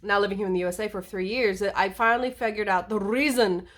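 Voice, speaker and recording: A woman vlogging a casual monologue to camera, playful and animated, wandering into asides and acting out little quotes. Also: medium pitch, quick pace. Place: lives in the United States.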